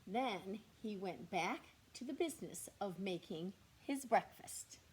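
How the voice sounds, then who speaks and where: A woman teacher reading a picture book aloud to young children, slow and expressive, with whispered asides to the class. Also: mid-range voice, breathy edge. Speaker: kindergarten teacher.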